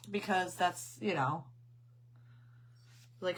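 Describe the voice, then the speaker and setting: A woman's voice: fairly low pitch, fairly even intonation, measured pace, fairly bright tone, slightly rough. A middle-aged woman hosting a craft channel, chatting casually on a live stream and telling rambling family stories. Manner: greets viewers mid-story.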